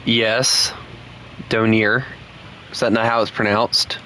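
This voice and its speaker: A man's voice: lowish voice, flat delivery, slow pace, pushed and bright, a little hiss or hum, low-quality recording. A man, chatting casually and joking teasingly while streaming a game. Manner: joking, playfully teasing, laughs often. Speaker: gaming streamer. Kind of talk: casual live gameplay chat.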